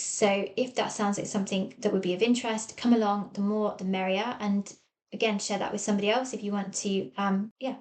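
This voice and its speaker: An English woman with an English accent, a therapist hosting her own podcast from a small office and talking listeners through ideas in a coaching tone. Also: mid-range voice. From England. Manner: warm coaching tone, acts out quoted voices. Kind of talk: solo podcast talk.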